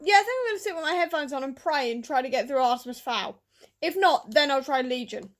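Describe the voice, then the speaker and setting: Woman, book vlogger, high bright voice, chatty and effusive. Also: expressive, fast talker. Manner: chatty and emotional, with laughing and self-interruptions. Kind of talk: casual vlog chat.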